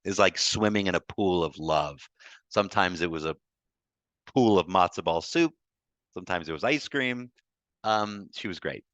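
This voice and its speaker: A man with a very low voice tells a personal story over a video call, halting and restarting as tears come close. The sound is dry and close, with no room around it. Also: lively intonation, a bit bright, no room sound. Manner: emotional, halting with repeated restarts. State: tearful. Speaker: guest speaker on grief. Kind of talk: personal storytelling in a group talk.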